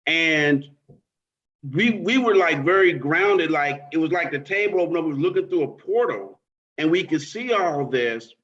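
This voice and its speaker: A man in a casual group chat, telling an excited, rambling story. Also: fairly high pitch, normal speed. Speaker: participant. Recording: dull lo-fi sound.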